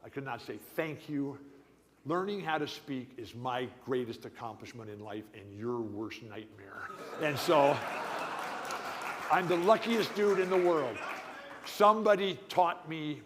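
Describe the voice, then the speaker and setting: An older man giving an animated after-dinner speech as guest speaker, telling stories and often restarting or repeating words. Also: mid-range voice, unhurried, a little hiss or hum. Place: banquet hall. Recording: reverberant hall.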